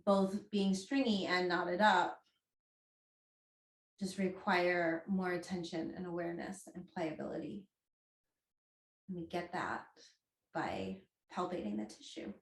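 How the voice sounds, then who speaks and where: A woman's voice: fairly low pitch, a little slow, long pauses. A woman leading a casual instructional class on self-massage, talking in a chatty, jokey way with frequent ums. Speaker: movement and bodywork instructor. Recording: roomy echo.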